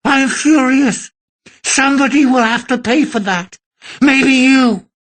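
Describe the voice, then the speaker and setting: A male narrator voicing a menacing phone caller whose voice is slurred, metallic and abnormally shrill. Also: a bit bright, full character voice. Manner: slow, drawn-out threats.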